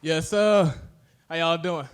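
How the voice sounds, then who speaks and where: A man's voice: a little high, slow, a faint crowd, a little hiss or hum. A man speaking on stage to a youth audience, leading a short chant. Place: large indoor stage, live audience.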